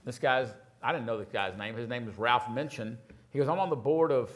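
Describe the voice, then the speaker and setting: A man's voice: mid-range voice, brisk. An older man from Houston, rambling through profane, self-mocking stories as a guest on stage. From Houston, Texas. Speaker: restaurateur guest. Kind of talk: casual storytelling on stage.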